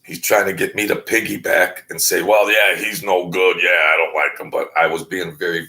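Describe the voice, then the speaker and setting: A low, gravelly man speaks at an unhurried pace. He tells a story casually and haltingly, full of fillers and restarts, and slips into the voices of the people he quotes. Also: sharp tone. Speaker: guest telling a story.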